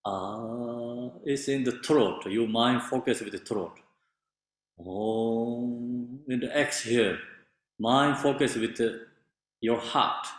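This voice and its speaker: A man teaching meditation in halting non-native English with many fillers, explaining patiently. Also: mid-range voice. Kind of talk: meditation instruction. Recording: very echoey room.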